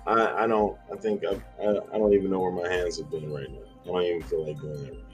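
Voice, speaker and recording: A man hosting a casual livestream chat, rambling and halting, with many fillers and restarts. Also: deep voice, fairly even intonation, soft background music, poor audio. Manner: chuckles often between lines. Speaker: livestream host.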